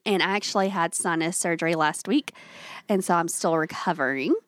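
A woman's voice: fairly low pitch, a little fast, dry recording, studio quality. A woman co-hosting a podcast with casual chat and wry, joking asides. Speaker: podcast co-host.

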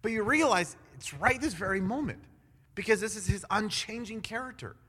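Animated preacher in a reverberant hall. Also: male voice, high-pitched, moderate pace, husky. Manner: animated, acts out quoted voices with big swings in loudness. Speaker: pastor. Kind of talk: sermon.

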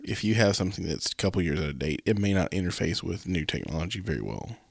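A man's voice: deep voice, animated, quick pace, gravelly, dry recording, clean studio sound. A man co-hosting a podcast, thinking aloud in a hesitant, musing way with lots of fillers. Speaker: podcast co-host. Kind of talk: casual podcast chat.

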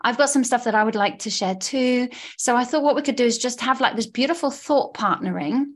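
Woman, podcast host, fairly high voice, bubbly gushing delivery. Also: a little fast. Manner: upbeat, gushing, warm encouraging patter. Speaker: podcast host, law of attraction coach. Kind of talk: casual podcast chat. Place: studio.

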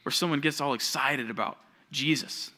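Bright-voiced young male youth pastor. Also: mid-range voice, moderate pace. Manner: animated storytelling that acts out quoted voices. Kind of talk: sermon to junior high students.

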